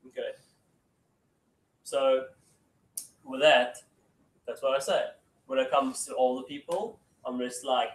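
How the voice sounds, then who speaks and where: A man's voice: medium pitch, fairly even intonation, slow, pauses often. Chatty man coaching, echoey distant sound. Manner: chatty, says okay often, acts out phone calls. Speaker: sales trainer. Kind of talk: casual training talk. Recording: echoey room, mic from far off.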